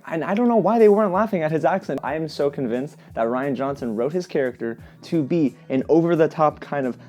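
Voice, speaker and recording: A man's voice: mid-range voice, dark tone. A man hosting his own movie review channel, talking straight to his viewers with lots of enthusiasm in a casual vlog style.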